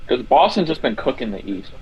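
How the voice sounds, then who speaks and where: A man's voice: mid-range voice, very animated, a little fast, highs cut off. A man co-hosting a podcast, chiming in on a casual basketball debate with short agreeing remarks. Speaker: podcast co-host.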